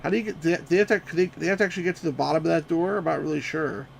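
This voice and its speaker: A man streaming a retro game live, commenting excitedly, shouting at the on-screen sheep and greeting chat viewers. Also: on the high side, racing, gravelly, a little hiss or hum. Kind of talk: live let's-play commentary.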